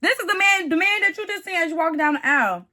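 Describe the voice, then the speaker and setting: A woman giving a casual, animated reality-TV recap, chatty and calling the viewer "honey" and "baby". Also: very high voice, fast. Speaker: TV show reviewer.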